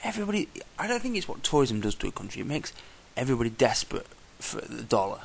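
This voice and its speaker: An exasperated man rants casually to camera about his travels. His voice is gravelly and swings widely up and down as he swears and mimics people he met. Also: medium pitch, big pitch swings, fast talker. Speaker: traveller vlogger. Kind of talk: casual travel vlog rant.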